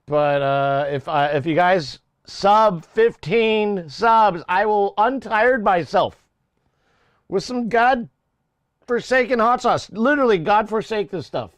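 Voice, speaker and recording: A man's voice: high-pitched, animated, takes it slowly, no room sound. A young man casually chatting on a live music-production stream, rambling, swearing and laughing at his own jokes. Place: home studio.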